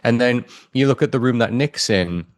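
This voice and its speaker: A man's voice: medium pitch, moderate pace, no room sound. A man with an English accent co-hosting a podcast, gushing enthusiastically as he analyses a TV scene. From England. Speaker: podcast co-host. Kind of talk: casual chat analysing a show.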